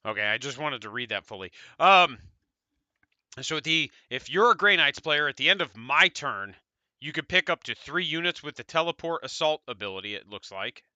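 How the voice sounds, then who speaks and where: In a casual tabletop wargame discussion, an American man co-hosting the podcast rambles comfortably and curses now and again. His voice is a little high with lively intonation and normal speed, bright and forceful. The recording is dry.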